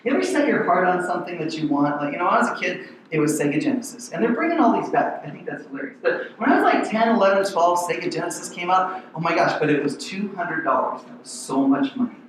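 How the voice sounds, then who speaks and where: A man's voice: sits high, very animated, fast, hardly any pauses, distant mic, slight background noise. A middle-aged man preaching a conversational sermon as pastor, acting out the voices in the verses. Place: large church hall. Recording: very echoey hall.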